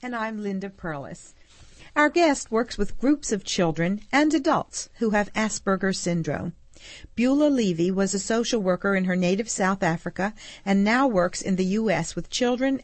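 Measured woman radio co-host. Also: mid-range voice, no room sound. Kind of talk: scripted introduction and interview.

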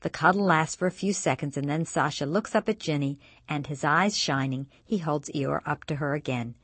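Woman host, scripted narration, low voice, measured expressive reading, dry close sound. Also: slightly rough, no echo. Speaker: radio show co-host.

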